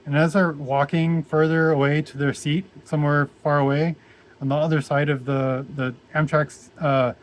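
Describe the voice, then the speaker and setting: A young man telling a personal story in a casual vlog, rambling and halting with many restarts. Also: fairly high pitch, little pitch movement. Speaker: vlogger.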